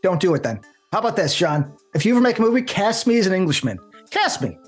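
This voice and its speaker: Animated man complaining in casual debate. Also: sits high, fast, husky, faint music behind. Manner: animated, complaining, acts out voices mid-sentence. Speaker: co-host debating a film.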